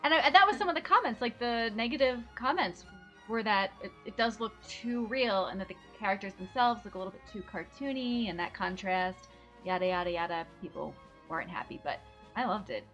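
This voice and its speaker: A woman co-hosting a casual podcast, enthusiastic and quick to laugh. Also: medium pitch, animated, a bit bright, faint music behind. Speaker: podcast co-host. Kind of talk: casual chat.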